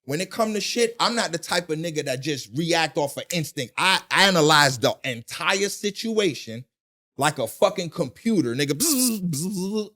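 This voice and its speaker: A middle-aged man in a casual interview, telling a story in animated, profane street talk and acting out the voices. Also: on the high side, moderate pace. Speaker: guest.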